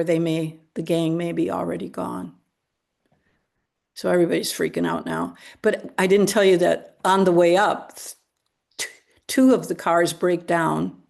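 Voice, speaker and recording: A woman's voice: lowish voice, gravelly, darkish tone. Chatty woman telling a local history story. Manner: conversational, with fillers and restarts, chatty asides. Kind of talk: storytelling talk.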